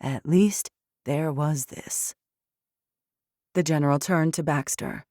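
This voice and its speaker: Low-voiced woman narrating an audiobook. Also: no echo. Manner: measured, steady storytelling. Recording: dry studio recording.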